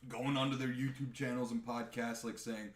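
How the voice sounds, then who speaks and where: A man on a live podcast, chatting casually in a profane, animated rant. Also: medium pitch, normal speed, echoey room. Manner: animated, profane ranting with mocking impressions. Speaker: podcast co-host.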